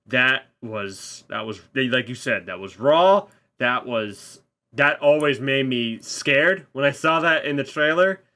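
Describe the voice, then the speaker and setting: A man's voice: medium pitch, slow, bright, forceful tone. A man who is a guest on a casual spoiler chat, rambling, restarting sentences and swearing casually.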